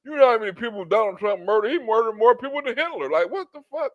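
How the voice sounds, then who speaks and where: A man hosting a comedy show, giving loud, mocking, profane commentary on clips. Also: very high-pitched, animated, fast talker, dry recording, dull audio.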